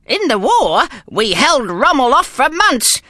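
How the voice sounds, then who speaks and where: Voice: high-pitched, big pitch swings, a little slow, pushed and bright, dry recording, clean studio sound, voice pushed up, full character voice. A reader voicing a rambling, proud old grandfather who was once a soldier, in an audiobook. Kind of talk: audiobook character voice.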